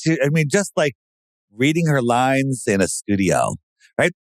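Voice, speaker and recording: A man talking casually and sarcastically, who often breaks into loud mocking impressions of other people. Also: medium pitch, unhurried, no echo. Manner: animated, sarcastic, mimics voices loudly. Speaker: podcast guest. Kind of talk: casual conspiracy talk.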